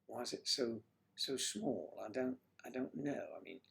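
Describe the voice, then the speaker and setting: A man's voice: mid-range voice, lively intonation, moderate pace, vocal fry, fairly bright tone, a little hiss or hum. A man hosting a casual livestream, chatting with viewers and reading their comments, teasing and muttering asides to himself.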